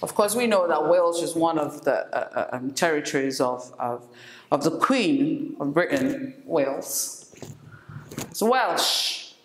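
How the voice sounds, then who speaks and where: A woman teaching an English lesson, repeating each word slowly for learners to follow. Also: deep voice. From not from Senegal. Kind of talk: classroom lesson. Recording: echoey room, faint noise.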